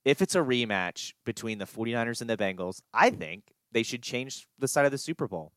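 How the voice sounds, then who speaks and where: A man co-hosting a sports podcast, rambling and animated with chuckles. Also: medium pitch, a little fast, no echo. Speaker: podcast co-host. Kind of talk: casual sports chat.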